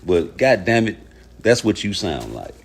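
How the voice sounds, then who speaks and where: A man's voice: low voice, sing-song, measured pace, gravelly, slight background noise. A man hosting a livestream, ranting at his chat about boxing in a profane, heated way, arguing with viewers. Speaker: boxing commentary streamer.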